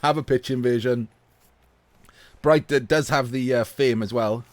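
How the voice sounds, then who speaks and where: A man's voice: medium pitch, unhurried, no room sound. Chatty, laughing male game commentator. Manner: chatty, laughs often, swears casually. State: voice getting a little hoarse. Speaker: esports commentator. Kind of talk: casual live video game commentary.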